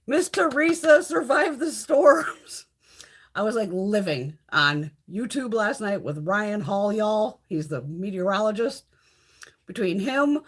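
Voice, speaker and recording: A woman's voice: medium pitch, a bit bright. A middle-aged woman hosting a casual beauty live chat, swearing freely and talking to her viewers. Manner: chatty and profane, reads out viewer comments. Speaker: beauty livestream host.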